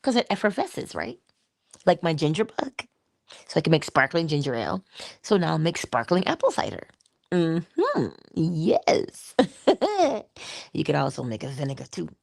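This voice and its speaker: A woman's voice: deep voice, huge pitch swings, unhurried, gravelly, no echo, studio quality. A woman giving casual inspirational talk, chatty and playful, laughing often and sometimes dropping to a whisper. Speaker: inspirational speaker.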